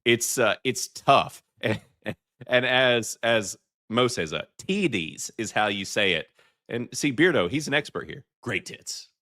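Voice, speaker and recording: A man's voice: mid-range voice, measured pace, pushed and bright, no room sound, clean studio sound. A man with a Southern accent hosting a live podcast, chatting loosely through clips with lots of fillers and restarts. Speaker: podcast host. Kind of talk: live commentary reacting to clips for chat.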